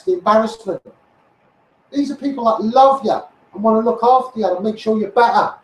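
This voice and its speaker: Ranting high-voiced Liverpool man. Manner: blunt, sweary, heated and repetitive. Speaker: street campaigner. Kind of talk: angry political rant. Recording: roomy echoey sound.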